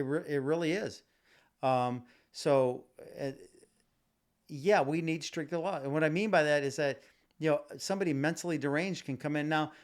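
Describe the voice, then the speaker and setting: A man hosting his own podcast, ranting solo with passion, repeating himself and stumbling over restarts and fillers. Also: on the high side. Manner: impassioned, repetitive, many fillers and restarts. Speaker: podcast host. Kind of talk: casual solo podcast rant. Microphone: home podcast mic.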